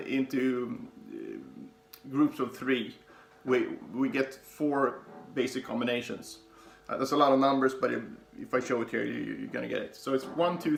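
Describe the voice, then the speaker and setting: Gravelly-voiced man teaching guitar. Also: medium pitch, a bit bright. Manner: halting, many fillers and restarts, counting along with playing. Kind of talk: casual instructional talk. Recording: echoey room with guitar playing.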